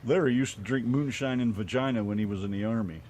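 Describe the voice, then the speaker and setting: A man's voice: medium pitch, fast, a little mellow, a little hiss or hum. A middle-aged American man co-hosting a radio show, telling rambling stories and swearing casually. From United States.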